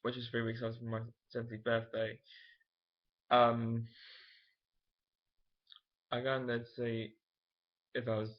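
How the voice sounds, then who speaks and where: A man's voice: medium pitch, monotone, measured pace, pauses often, muffled recording. Young man rambling through a personal story. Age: late teens. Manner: rambling, many fillers and self-corrections, candid. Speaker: vlogger. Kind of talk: casual personal storytelling to camera.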